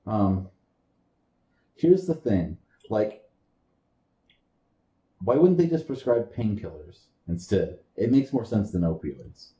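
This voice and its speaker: A young man with a lowish voice co-hosts a podcast and argues points with playful stubbornness. The room adds a clear echo. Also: animated, slow pace, long pauses, mellow. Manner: teasing, argumentative banter. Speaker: podcast co-host. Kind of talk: casual chat. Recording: roomy echo.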